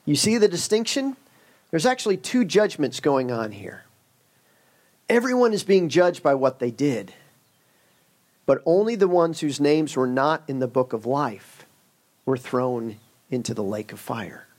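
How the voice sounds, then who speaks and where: A man preaching with a higher voice. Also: lively intonation, unhurried, long pauses, a little mellow. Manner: conversational, storytelling, joking asides. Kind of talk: sermon with a humorous story.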